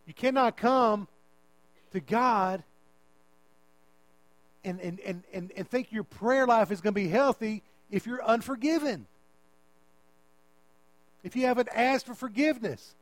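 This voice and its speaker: A man preaching a sermon, repeating phrases and swinging from loud emphasis to quiet asides. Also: animated, unhurried, long pauses, no echo, low-quality recording. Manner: preaching with big swings in pitch and loudness, repeating words for emphasis. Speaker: pastor.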